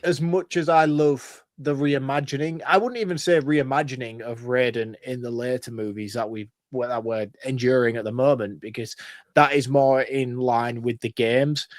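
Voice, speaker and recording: A man's voice: medium pitch, fairly even intonation, normal speed, no echo. Earnest man, dry podcast sound. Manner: earnest, enthusiastic, rambling. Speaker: podcast co-host. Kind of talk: casual film review chat.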